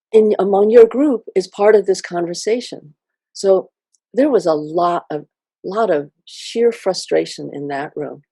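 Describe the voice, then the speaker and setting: A woman's voice: fairly low pitch, dark tone, husky, no room sound. A middle-aged woman, a genetics professor, telling a personal story in a talk, earnest and reflective, with some fillers.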